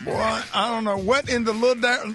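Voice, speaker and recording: A man hosting morning radio, loud and teasing in banter with his co-hosts. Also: very high-pitched, steady tone, a little fast, over loud music. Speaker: morning show host.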